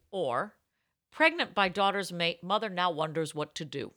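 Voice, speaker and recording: A woman's voice: fairly low pitch, lively intonation, moderate pace, sharp tone. A woman in her fifties co-hosting a casual chat, joking and reading old advice letters aloud with playful drama. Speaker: podcast co-host.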